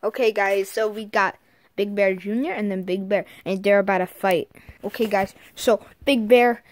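A female host giving casual commentary on a toy fight, halting and repeating herself as she goes. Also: mid-range voice, fairly even intonation. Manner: halting, repeats "and then" often. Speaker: video host.

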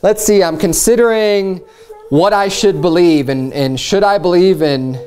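A man delivering a sermon in a loose, conversational way, his voice sitting a little higher than most men's. He tells the story as if chatting, then leaps up in pitch to act out the quoted lines with a mocking edge. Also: unhurried, a little mellow, a little hiss or hum. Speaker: preacher.

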